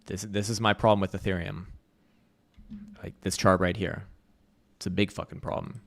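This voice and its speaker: A man's voice: low-pitched, fairly even intonation, moderate pace, gravelly, pauses often, fairly bright tone. A man giving blunt, sarcastic live market commentary, swearing freely.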